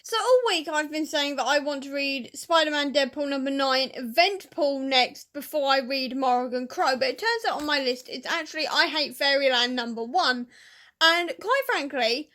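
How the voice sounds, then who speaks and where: Woman, book vlogger, high bright voice, chatty and effusive. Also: normal speed. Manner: chatty and emotional, with laughing and self-interruptions. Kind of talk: casual vlog chat.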